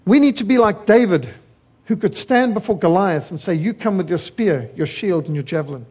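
Middle-aged preacher from South Africa, husky voice, emphatic sermon delivery with rhythmic lists. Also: male voice, high-pitched, animated, moderate pace, a little mellow, dull audio.

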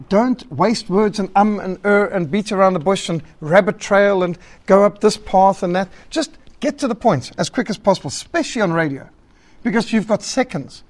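A man teaching a church group about public speaking, emphatic and lively, listing his points and acting out rambling callers. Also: sits high, normal speed. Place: meeting hall.

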